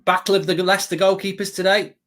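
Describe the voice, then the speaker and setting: An English man co-hosting a live football watchalong, talking in an animated, ranting way and swearing casually. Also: high-pitched, quick pace.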